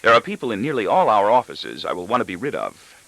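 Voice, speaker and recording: Brief: male narrator, low-ish bright voice, lively pitch, audiobook. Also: fast talker, creaky, no echo, poor audio. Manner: expressive, first-person storytelling. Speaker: audiobook reader.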